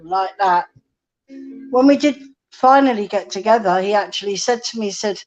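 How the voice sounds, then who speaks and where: A woman's voice: mid-range voice, normal speed. A woman chatting on a live stream as a guest, telling a story and quoting the people in it. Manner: chatty storyteller, quotes others. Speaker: guest musician. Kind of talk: casual live-stream chat. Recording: dull lo-fi stream audio.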